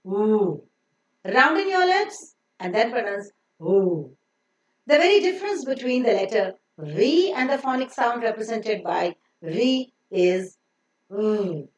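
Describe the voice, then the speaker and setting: A woman with a fairly high, very lively voice leads a phonics lesson, speaking very slowly and deliberately. She repeats each example word with care. Her voice rings in an echoey room. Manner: slow, careful word-by-word drilling with repeated example words. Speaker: phonics teacher. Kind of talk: pronunciation lesson for children.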